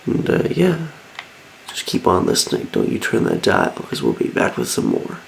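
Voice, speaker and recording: A man voicing a smooth late-night radio DJ in a low, hushed, breathy croon. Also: huge pitch swings, moderate pace, slight background noise, exaggerated voice. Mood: smooth, sleepy.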